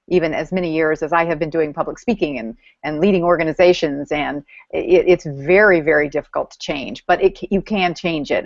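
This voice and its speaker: Woman host, low pitch, measured, dry muffled call sound. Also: no echo. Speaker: host reading audience questions. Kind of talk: casual live video chat. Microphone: video call. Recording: dry, dull lo-fi call audio.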